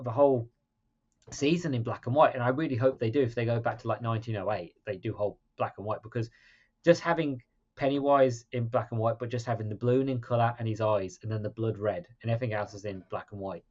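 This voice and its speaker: Animated male podcast co-host. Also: mid-range voice, fast, highs cut off. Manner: animated, acts out scenes in quoted voices. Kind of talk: casual chat.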